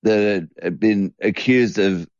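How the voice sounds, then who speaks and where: Man, low gravelly voice, stop-start chatter, dull lo-fi dry recording. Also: a little mellow, dry recording. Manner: halting, lots of restarts. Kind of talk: casual chat. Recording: dull lo-fi sound.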